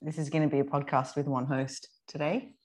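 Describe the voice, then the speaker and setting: A woman's voice: low-pitched, flat delivery, brisk, darkish tone. A woman in her thirties co-hosting a podcast, talking frankly, laughing often and swearing freely. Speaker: podcast co-host, fitness coach. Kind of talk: casual chat.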